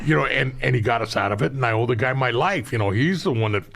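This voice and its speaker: A man's voice: mid-range voice, quick pace, creaky. An older man, a veteran guest, telling war stories in a casual talk and acting out the voices of people he quotes. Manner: animated storyteller, acts out the voices of people he quotes. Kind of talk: casual storytelling on a talk show.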